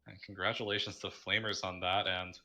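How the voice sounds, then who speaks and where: A man casting a gaming tournament stream, tired and halting, with many fillers as he wraps up. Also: low voice, level tone, bright, forceful tone. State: tired, yawning. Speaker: tournament caster. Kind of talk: casual livestream wrap-up.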